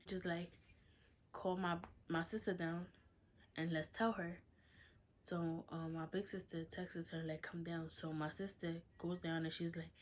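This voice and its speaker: A woman's voice: lowish voice, flat delivery, moderate pace. A young woman vlogger telling a personal story in a casual, chatty way, filling her talk with "like" and acting out what others said. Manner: chatty, lots of "like", quotes others in dialogue.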